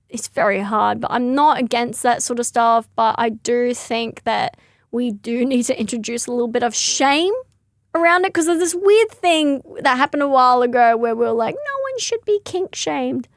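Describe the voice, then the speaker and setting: A woman's voice: a little high, normal speed, dry recording, clean studio sound. A young woman comedian rambling through a casual comic monologue, giggling often and correcting herself mid-sentence.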